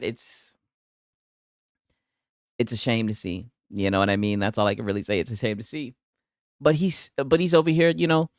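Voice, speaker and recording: A man's voice: mid-range voice, normal speed, dry recording, clean studio sound. A man hosting a casual gaming news stream, talking loosely and profanely and laughing often as he reacts to posts. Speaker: livestream host.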